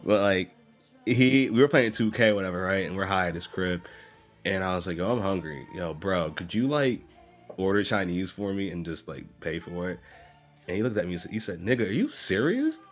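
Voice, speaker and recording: A man's voice: low-pitched, a little fast, faint music behind. A man co-hosting a casual chat, telling rambling stories with frequent laughs and restarts.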